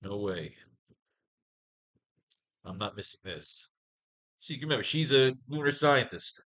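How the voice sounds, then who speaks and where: A man's voice: mid-range voice, animated, a little slow, pushed and bright. A man running a casual comics writing class, thinking aloud and testing lines of dialogue, swearing freely and muttering to himself.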